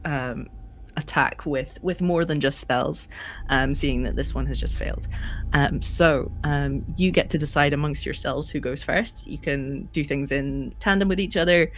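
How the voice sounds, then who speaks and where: A woman's voice: deep voice, measured pace. A woman running a tabletop game as game master, narrating with many ums and uhs. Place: home, streaming online.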